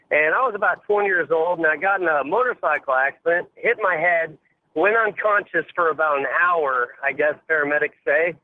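Over a tinny telephone line, a high-pitched man in his forties calls in to a radio show, with no echo on his voice. Eager and friendly, he stumbles over his words while telling a story.

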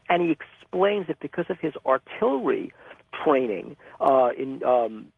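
A male interview guest, a magazine publisher, telling stories in an animated, vivid way over a phone-line call. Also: medium pitch, measured pace, creaky, no room sound. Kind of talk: storytelling interview answers.

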